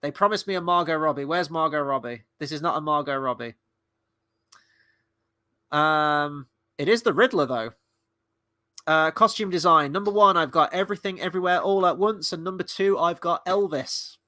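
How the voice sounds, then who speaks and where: A man with a fairly high, bright, forceful voice talks through a live awards watchalong. He is chatty and excitable, swearing freely as he reacts. His voice sounds close and dry. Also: normal speed, no echo. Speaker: livestream host and movie reviewer. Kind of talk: casual live watchalong commentary.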